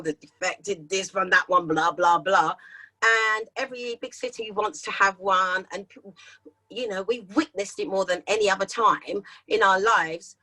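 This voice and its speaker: A middle-aged woman with a London accent, a singer chatting as an interview guest, animated and acting out the voices in her stories. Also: mid-range voice, rough recording. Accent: London English. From London, England. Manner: animated storyteller who acts out quoted voices. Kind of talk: casual interview chat.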